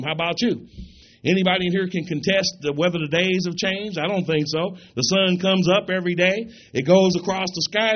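A man preaching a sermon to a congregation, asking rhetorical questions and slowing down to read scripture aloud. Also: high-pitched. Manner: emphatic, rhetorical questions, reads scripture slowly. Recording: dull lo-fi recording.

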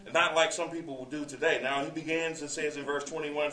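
A man's voice: on the high side, flat delivery, brisk, few pauses, pushed and bright, a little hiss or hum. A male preacher teaching a sermon verse by verse, conversational, quoting scripture and asking rhetorical questions. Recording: echoey room, distant mic.

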